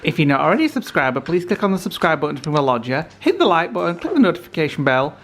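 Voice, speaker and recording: A man co-hosting a home vlog in casual chat, excitable and teasing, quick to laugh. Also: on the high side. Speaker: vlogger, co-host.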